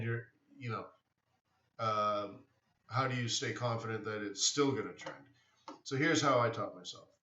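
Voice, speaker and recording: A man's voice: medium pitch, bright, forceful tone. A man hosting a live trading stream, talking casually and rambling a bit as he answers viewers in the chat. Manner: rambling, answers chat questions, many restarts. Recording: roomy, distant, dull sound.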